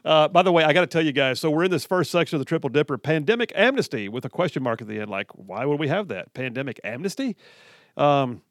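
A male talk radio host holds forth in an animated, mocking monologue. His voice sits a little high for a man and comes across close and dry, with no room sound. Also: fast talker, dry recording. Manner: animated, mocking, quotes others in put-on voices.

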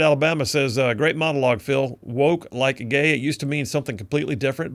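Gravelly guy hosting talk radio, dry studio sound, reading texts folksy style. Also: medium pitch, no echo. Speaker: radio talk show host.

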